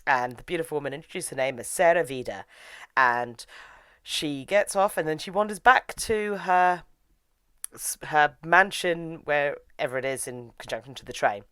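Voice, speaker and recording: A woman's voice: low-pitched, moderate pace, fairly bright tone, smooth, no echo. Chatty woman recapping a story. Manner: chatty, filler-heavy retelling with lots of "like". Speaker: anime reviewer. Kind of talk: casual recap of an anime episode.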